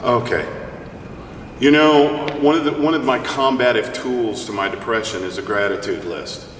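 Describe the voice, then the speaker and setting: A man's voice: medium pitch, normal speed. A middle-aged male opera singer talking as an interview guest, joking and rambling as he tells stories. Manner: joking, rambling, animated storyteller. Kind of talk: casual interview chat. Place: church. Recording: roomy church hall, mic at a distance, faint hiss.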